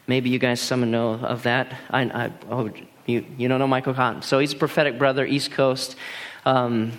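A man in his thirties, a pastor telling personal stories in a lively, animated sermon full of restarts. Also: medium pitch, moderate pace. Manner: animated, laughing storyteller with many restarts. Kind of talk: storytelling sermon.

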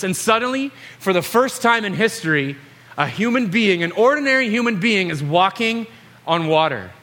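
A man preaching a sermon, retelling a story with jokes and lively, animated asides. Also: high-pitched.

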